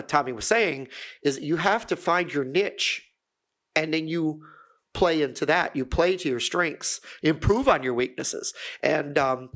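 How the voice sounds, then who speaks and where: A man co-hosts a casual podcast, his voice sitting a bit high. He rambles and corrects himself with plenty of fillers, in a self-deprecating way. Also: vocal fry, a bit bright. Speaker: podcast co-host. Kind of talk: casual chat.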